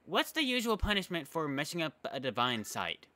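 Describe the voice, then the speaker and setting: A man's voice: a little high, wildly swooping pitch, a little fast, pushed and bright, slight background noise, full character voice. A man voicing a cheerful, curious young paper girl with a put-on European accent, eager and chatty. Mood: excited. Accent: European-tinged, put on. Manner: eager, wide-eyed and chatty. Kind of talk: reading game dialogue aloud.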